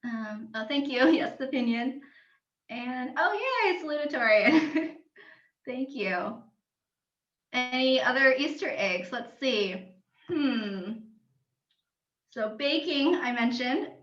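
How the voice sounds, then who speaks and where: Young woman author, bright voice in an echoey room. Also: high voice, takes it slowly, pauses often. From United States. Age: young adult. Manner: chatty, explanatory, laughs often. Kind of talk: book talk with slides. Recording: roomy and dull lo-fi.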